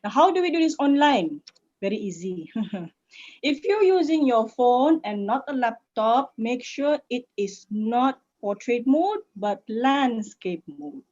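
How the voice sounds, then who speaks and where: A woman's voice: on the high side, expressive, takes it slowly, a little mellow. A woman from Malaysia with a Malaysian English accent, a public speaking coach giving an online workshop talk in a playful, teasing way, swinging her voice up and down to demonstrate. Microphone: video call. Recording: dull, lo-fi video call audio.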